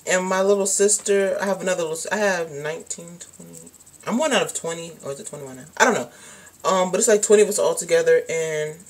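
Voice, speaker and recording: A young woman talks straight to camera in a loose, unscripted storytime vlog. Her voice sits a little low, and she speaks bluntly in slangy, colloquial speech, with frequent swearing and "like" fillers. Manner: blunt and frank, swears freely, many fillers. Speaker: vlogger.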